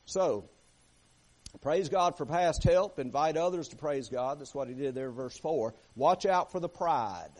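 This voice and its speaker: A man's voice: medium pitch, animated, measured pace, pauses often, a little mellow. A man preaching a folksy sermon, acting out prayers and often repeating words as he goes. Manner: folksy, repeats words, acts out prayers, rises and drops in volume. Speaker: pastor.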